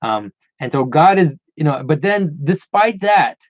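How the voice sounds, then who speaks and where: A man's voice: a little high, animated, measured pace, no room sound, lo-fi sound. A man hosting a casual livestream Q&A, rambling with frequent restarts and repeated words. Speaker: channel host answering viewer questions.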